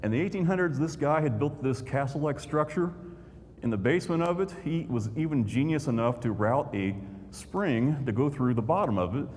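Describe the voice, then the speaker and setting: A man's voice: medium pitch, animated, moderate pace, a little mellow. A man, a YouTuber giving a folksy storytelling talk to an audience. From Indiana, USA. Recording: long hall reverb, faint noise.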